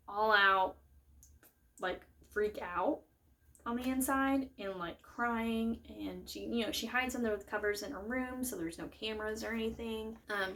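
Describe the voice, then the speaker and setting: A woman's voice: medium pitch, a bit bright. A young woman chatting casually about a book and its film, rambling with lots of fillers and self-corrections. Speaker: book vlogger. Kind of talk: casual chat.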